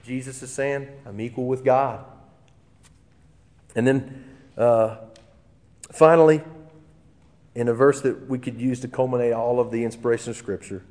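A man preaching a sermon in a relaxed, conversational way, with fillers and restarts. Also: medium pitch, moderate pace. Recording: long hall reverb.

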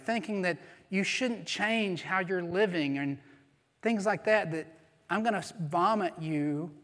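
Guy preaching a sermon, a bit high-pitched, earnest and emphatic, long echo like a big church. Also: fairly bright tone. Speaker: pastor. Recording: long hall reverb.

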